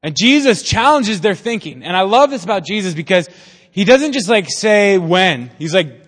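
A young man with a bright, high voice gives a laid-back, joking sermon, tossing questions out to the crowd. His words ring out with a long hall reverb around them. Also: animated, normal speed. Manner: chatty, jokey, quizzes the audience. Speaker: preacher. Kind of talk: casual joking sermon to a youth group.

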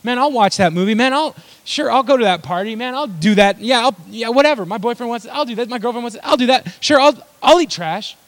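A man voicing a rebellious young son who whines that he will do anything, even eat trash. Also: extremely high pitch, quick pace, hardly any pauses, long reverb tail, pitched above the performer's own voice. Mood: careless whining.

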